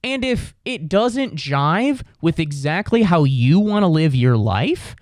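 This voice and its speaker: A man's voice: a little high, sing-song, takes it slowly, few pauses, darkish tone, no echo, studio quality. Sarcastic young man ranting. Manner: exasperated, sarcastic, swears a lot; jumps into put-on voices for quoted people. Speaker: podcast host. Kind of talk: comedic rant.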